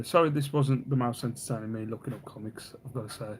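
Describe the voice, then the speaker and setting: Speaking quickly in a mid-range voice, this livestream host keeps things casual, wandering between thoughts. He pokes fun at his viewers and reads out what they write in the comments, with faint noise behind him.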